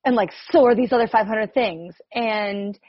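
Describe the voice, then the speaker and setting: A woman's voice: on the high side, moderate pace, husky, no room sound, dull audio. A woman from New Jersey, a coach, rambling and questioning herself as she shares on a group video call. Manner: rambling and self-questioning, many "like"s, laughs often.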